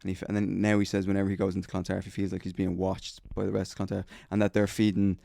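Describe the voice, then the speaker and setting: A man's voice: deep voice, completely flat delivery, fast, vocal fry, warm tone, dry recording, studio quality. A man with a Dublin accent, co-hosting a podcast in casual, rambling, profane chat, recorded in a shed. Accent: Dublin Irish. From Dublin, Ireland. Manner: rambling, profane, full of restarts. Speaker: podcast co-host. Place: garden shed studio.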